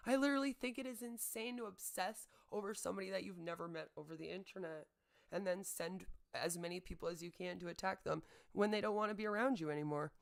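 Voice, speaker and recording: A woman's voice: mid-range voice, a little fast, creaky. A woman streamer delivering a heated, sarcastic rant to her audience, repeating her points for emphasis. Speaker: streamer and channel host. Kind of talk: livestream rant.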